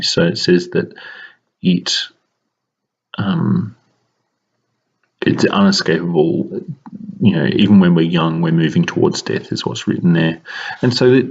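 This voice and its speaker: A deep-voiced man with a husky edge teaches a recorded lesson. He explains in a measured way and pauses often with ums. The recording sounds dull and lo-fi. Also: darkish tone.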